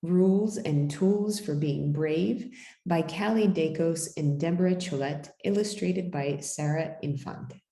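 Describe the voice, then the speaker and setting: A woman's voice: sits low, unhurried, warm tone, roomy sound. A woman reading a children's picture book aloud as storyteller, with dramatic, swooping delivery.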